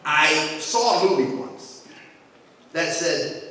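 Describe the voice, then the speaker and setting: A male pastor preaching in a joking, conversational way, his voice sitting high for a man. He is heard from well back in a big hall, the long reverb washing around every line. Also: big pitch swings, unhurried, a bit bright. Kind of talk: sermon. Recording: echoey hall, mic far off.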